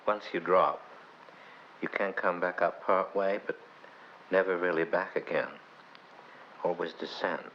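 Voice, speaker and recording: An actor playing a weary middle-aged husband who answers in short, low, quiet phrases. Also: male voice, fairly even intonation, unhurried, pauses often. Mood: grave. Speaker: actor in a filmed stage play. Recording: dull old film soundtrack with faint hiss.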